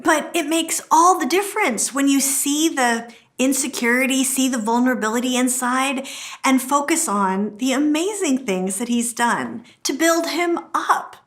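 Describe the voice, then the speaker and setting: A middle-aged woman teaching a marriage course, telling stories and acting out quotes with a lively delivery. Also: high voice, unhurried. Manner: lively storytelling, acts out quotes. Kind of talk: teaching talk to camera.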